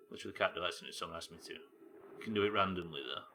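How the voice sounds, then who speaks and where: A Welsh man streams a game live, talking to his chat in a fairly low but bright, forceful voice. He is animated and swears freely as he reacts to the game, with a faint hum of ambience behind him. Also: quick pace. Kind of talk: live gameplay commentary chatting with viewers.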